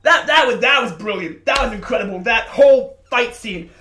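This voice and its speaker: A man giving excited, breathless reaction commentary on a show, gushing and swearing with stammered restarts. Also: very high-pitched, moderate pace, a little hiss or hum. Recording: roomy room, faint music behind.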